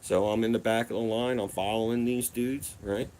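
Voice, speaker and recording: A man's voice: fairly low pitch, normal speed, slight background noise. A man, casually telling a wild personal story. His telling is profane and rambling, full of acted quotes. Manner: profane, rambling, animated retelling.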